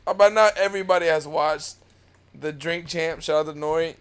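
A man's voice: a little high, normal speed, smooth. A man co-hosting a podcast in casual chat, laid-back, cursing and full of slang. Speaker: podcast co-host.

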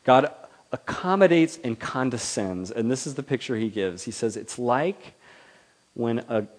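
A man preaching a sermon in a lively manner, swinging between loud declarations and soft, quiet asides, then leading a prayer. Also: medium pitch, unhurried. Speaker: pastor.

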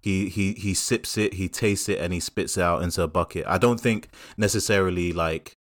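A young man with a very deep voice, co-hosting a casual podcast. He jokes around, leans into playful asides and keeps the chat moving. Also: fairly even intonation, normal speed.

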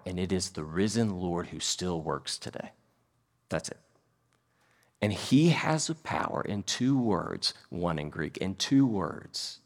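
A male pastor preaching a sermon to a congregation in a church, putting questions to the listeners as he goes. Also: fairly low pitch. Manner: animated, quizzes the congregation. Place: church sanctuary before a congregation. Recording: long hall reverb.

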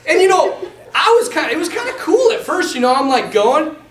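A lively male priest chats to a group, his pitch swinging widely as he laughs and acts out each scene. His voice comes from some distance in an echoing hall. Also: brisk, a little hiss or hum. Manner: animated, laughs often, acts out quotes. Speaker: Catholic priest speaking to a group. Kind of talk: casual talk with a story. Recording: roomy hall, distant mic.

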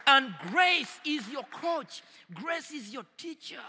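A man preaching a sermon to a congregation, swinging from loud declarations to quiet asides. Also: very high-pitched, lively intonation, slow pace, hardly any pauses, long reverb tail. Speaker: pastor.

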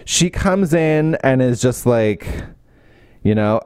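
Man, casual book-podcast co-host, lively pitch, dry close sound, does quick character voices. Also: clean tone, dry recording. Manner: animated, acts out character quotes in lifted voices. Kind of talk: casual book review chat.

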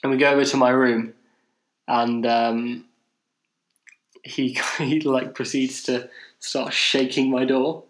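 A man's voice: mid-range voice, flat delivery, takes it slowly, pauses often. A man from England, co-hosting a podcast, telling a rambling, self-deprecating story in casual chat. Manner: self-deprecating, rambling, many fillers and restarts. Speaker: podcast co-host. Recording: roomy echo.

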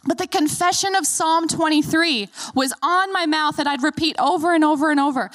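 A woman's voice: high voice, a little fast, hardly any pauses, a bit bright, no echo. A woman in her thirties, a pastor, preaching a sermon in an earnest, encouraging way and inviting the congregation to repeat after her.

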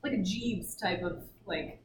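A woman's voice: mid-range voice, a little slow. A woman in casual group chat, giggly and a bit hesitant. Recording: distant, roomy with noise.

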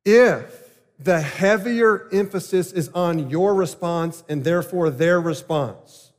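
Earnest preaching man in a reverberant hall. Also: sits high. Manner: earnest, emphatic preaching with pauses. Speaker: pastor. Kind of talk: sermon.

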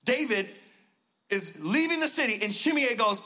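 A man preaching a lively sermon as a guest speaker, joking and shouting his points. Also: very high-pitched, normal speed. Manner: excitable, joking, shouts for emphasis.

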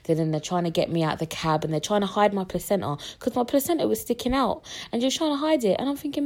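Young British woman, podcast host, animated casual storyteller who acts out every voice, medium pitch. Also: fast talker, few pauses. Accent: British English.

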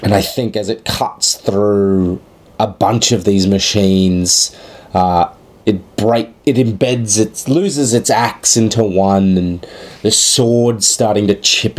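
Man, low-pitched and unhurried, improvising a tabletop game scene, halting and full of fillers. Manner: hesitant, thinking aloud with many fillers.

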